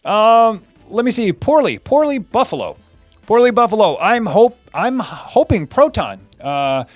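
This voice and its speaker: A man's voice: sits high, sing-song, unhurried, no room sound, faint music behind. An American man from the United States hosting a live Q&A, chatting loosely with lots of restarts and fillers, answering viewer comments. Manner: rambling, lots of restarts and fillers, laughs often. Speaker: host.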